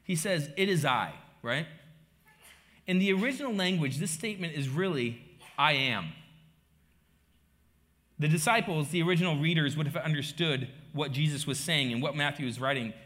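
A middle-aged man, a pastor preaching a sermon, telling the story with rhetorical questions and swinging between quiet asides and loud emphasis. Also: a little high, brisk.

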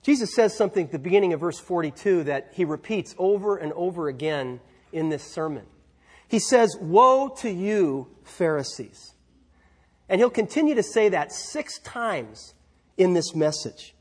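A man's voice: sits high, lively intonation, moderate pace, darkish tone, husky. A man preaching a sermon in a church, conversational, with asides and rhetorical questions. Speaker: pastor.

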